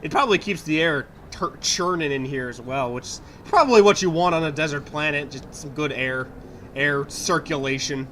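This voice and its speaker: A young man rambling through a playthrough of a video game, cursing freely and laughing at his own jokes. His voice sits a touch high and swings up and down animatedly, with faint game ambience underneath. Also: lively intonation, normal speed, a bit bright, a little hiss or hum. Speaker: let's play gamer. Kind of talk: casual gameplay commentary.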